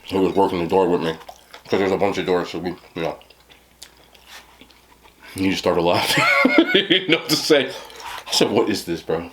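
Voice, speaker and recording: A man's voice: sits low, huge pitch swings, moderate pace, long pauses, fairly bright tone, slight background noise. A man in his thirties with a New Jersey accent, telling a rambling story to camera on his eating show and laughing often. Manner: rambling, laughing, lots of "you know what I'm talking about". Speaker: mukbang host.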